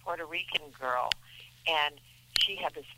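A woman's voice: sits low, a little slow, very noisy. A middle-aged woman, an actress guest in a radio interview, talking in a chatty, rambling way with many restarts.

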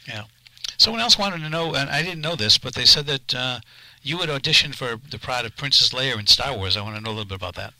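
A man hosting a radio interview, briskly passing along questions from listeners. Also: medium pitch, expressive, pushed and bright, no echo, poor audio. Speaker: radio host.

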